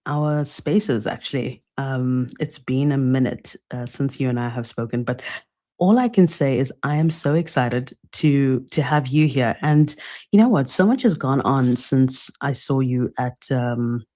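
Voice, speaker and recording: A British woman hosting a casual interview, speaking warmly and hesitantly with many fillers. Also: a bass voice, unhurried. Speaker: podcast host.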